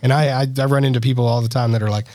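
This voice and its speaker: A man co-hosting a podcast in a studio, chatty and loose, full of fillers and quick laughs. His voice sits at an ordinary pitch and is recorded close and dry, with no room sound. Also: fairly even intonation, mellow, no echo. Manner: chatty, laughs often, many fillers and restarts. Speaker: podcast co-host. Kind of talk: casual chat.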